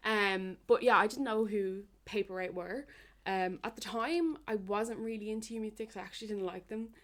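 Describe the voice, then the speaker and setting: A woman's voice: medium pitch, normal speed, fairly bright tone. Woman chatting on a podcast. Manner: chatty, reminiscing with fillers. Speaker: podcast co-host. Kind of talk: casual chat.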